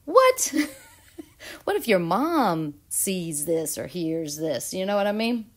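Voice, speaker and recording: Giggly woman chatting through a tarot reading, slow and dramatic. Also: on the low side, lively intonation. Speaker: astrology and tarot vlogger. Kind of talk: casual tarot reading chat.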